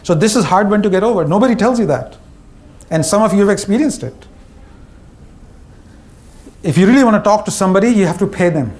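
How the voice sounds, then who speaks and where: A man's voice: sits high, animated, brisk, long pauses, a little mellow. A middle-aged man with an Indian English accent gives a humorous conference talk, wry and punchy, often acting out the voices of the people he quotes. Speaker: speaker, former CEO.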